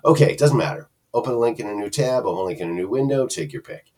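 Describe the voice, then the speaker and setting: A man's voice: mid-range voice, animated, quick pace, warm tone, recorded from a distance. A man from Canada giving a rambling, casual screen-share review of an online product, full of fillers and restarts.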